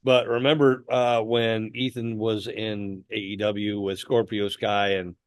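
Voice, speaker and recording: A man co-hosting a casual podcast chat, relaxed, recalling details with some halting restarts. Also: fairly low pitch, dry recording, clean studio sound. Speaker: podcast co-host.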